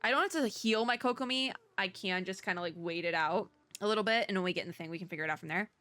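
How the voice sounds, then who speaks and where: A young woman doing let's play commentary on a video game, animated and chatty, laughing to herself. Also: mid-range voice, rapid-fire, dry recording, faint music behind. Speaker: gaming YouTuber.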